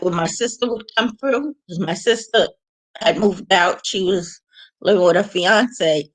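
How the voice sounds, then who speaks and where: A woman vlogger telling casual stories in a frank, rambling way, laughing and restarting as she goes. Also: on the low side. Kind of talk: casual storytelling.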